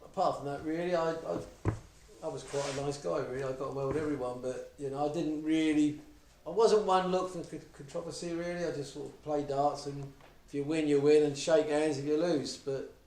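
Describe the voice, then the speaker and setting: A man's voice: fairly high pitch, steady tone, a little fast, darkish tone, a little hiss or hum. An older man telling chatty stories at a live Q&A, laughing through them often. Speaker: guest darts player. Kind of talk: live Q&A anecdotes. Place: live event room with an audience. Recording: echoey room from a distance. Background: audience laughter.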